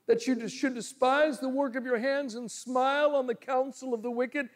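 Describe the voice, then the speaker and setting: A male pastor preaching a sermon, telling stories and shifting from loud pleading to low murmurs. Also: fairly even intonation, normal speed, hardly any pauses. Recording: long hall reverb.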